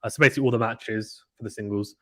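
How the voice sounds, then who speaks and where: A man giving casual, excitable play-by-play commentary of a tennis match from home, chatting with viewers between points. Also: on the low side, very fast. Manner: chatty, excitable, reacts loudly to misses. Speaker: live stream commentator.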